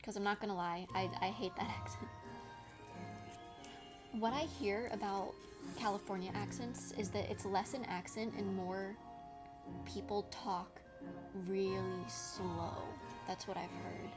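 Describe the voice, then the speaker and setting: A young adult woman streams while crafting, chatting casually with viewers, reacting to their comments, and laughing often. Her medium-pitched voice is steady at normal speed, with long pauses, over background music.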